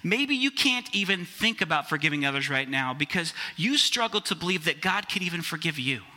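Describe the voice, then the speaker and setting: Male pastor, conversational sermon delivery, fairly high, very bright tone. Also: very animated, brisk. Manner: conversational, addresses listeners as guys.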